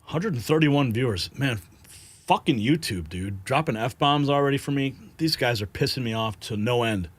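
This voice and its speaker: A man's voice: medium pitch, animated, normal speed, dry recording. Agitated man hosting a live news stream. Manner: agitated, frustrated, swears, sighs often. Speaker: livestream news host.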